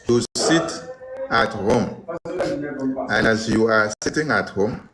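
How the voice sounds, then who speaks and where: Mocking Nigerian man, low voice. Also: slow, pauses often, music in the background, low-quality recording. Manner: mocking, switches into Pidgin. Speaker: online commentator. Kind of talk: political commentary.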